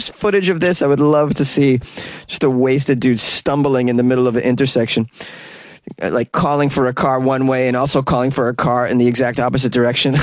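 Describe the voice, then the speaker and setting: A comedian with a New England accent hosting a daily news podcast, rambling through the stories with jokes and quick laughs. His voice sits at an average pitch and is recorded dry and close on a studio mic, with no room behind it. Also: dry recording. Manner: jokey, rambling, laughs often.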